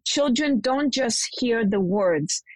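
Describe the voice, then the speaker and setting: Bright-pitched woman explaining child behavior. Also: slow pace, no room sound. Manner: calm, explanatory, models soothing phrases for parents. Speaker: child development specialist guest. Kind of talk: expert advice in a podcast conversation.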